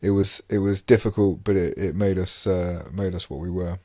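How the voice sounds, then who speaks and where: A man's voice: deep voice, fairly even intonation, moderate pace, mellow, no room sound, clean studio sound. A man hosting a podcast, talking casually about his time in prison, rambling with many fillers and restarts. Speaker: podcast host and former prisoner. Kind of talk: casual monologue.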